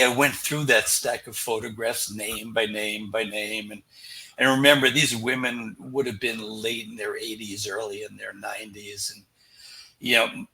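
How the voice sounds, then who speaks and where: Older guy on a podcast, kinda gravelly voice, earnest storytelling. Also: lowish voice, sharp tone. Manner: earnest, retelling events with quoted dialogue. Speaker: podcast guest. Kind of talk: storytelling in an interview.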